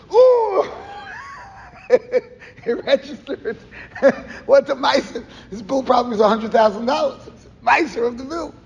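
A rabbi delivers an animated yeshiva-style lecture, his fairly high voice full of stories and Yiddish and Hebrew terms woven into English. The room around him rings with a long, hall-like reverb, as in a big camp hall. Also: creaky. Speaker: rabbi giving a Torah class.

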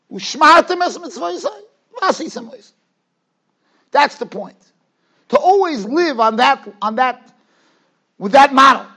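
High-pitched, animated rabbi giving a lecture. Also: male voice. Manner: emphatic, rises to near-shouts on key points; mixes Hebrew and Yiddish terms into English. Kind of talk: Torah lecture. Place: yeshiva study hall.

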